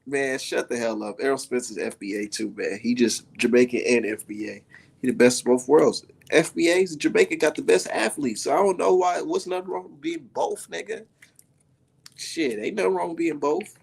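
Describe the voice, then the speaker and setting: A man's voice: fairly high pitch, lively intonation, moderate pace, vocal fry, breathy edge. A man giving loose, profane reaction commentary, often breaking into laughter and mockery. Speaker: online commentator.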